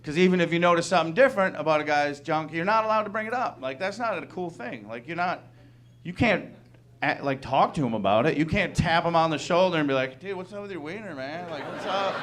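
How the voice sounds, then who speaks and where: A man in his thirties performing a stand-up comedy set, talking conversationally and acting out quick incredulous bits of dialogue. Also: a little high, lively intonation, a bit bright, a little hiss or hum. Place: comedy club stage.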